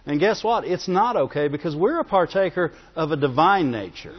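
A man's voice: on the high side, lively intonation, moderate pace, breathy edge. A man preaching a sermon in a conversational way, often laughing and calling for amens. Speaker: pastor. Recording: dull lo-fi recording in a reverberant hall.

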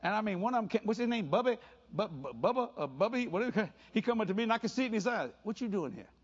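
An older man preaching a sermon, animated and playful, telling stories with quick voices and laughter. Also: high voice. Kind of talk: sermon mixed with storytelling. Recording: dull lo-fi sound.

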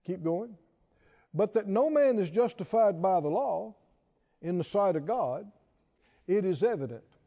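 A man's voice: high-pitched, lively intonation, unhurried, gravelly, pauses often, warm tone, highs cut off. A man preaching a sermon to a responding congregation, repeating questions and building to emphatic calls.

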